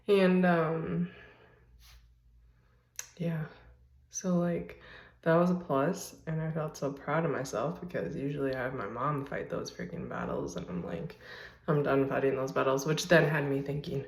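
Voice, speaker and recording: Low-voiced woman vlogging from home. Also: measured pace, darkish tone, reverberant. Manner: rambling, chatty, filler-heavy. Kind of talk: casual chat. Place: basement and rooms of a house, indoors. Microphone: handheld phone.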